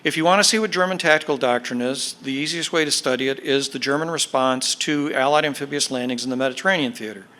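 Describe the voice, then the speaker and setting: A man giving a history lecture to an audience, explaining in a measured way with fillers and emphatic stresses. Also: medium pitch, sharp tone. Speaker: guest speaker, military historian. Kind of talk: podcast lecture.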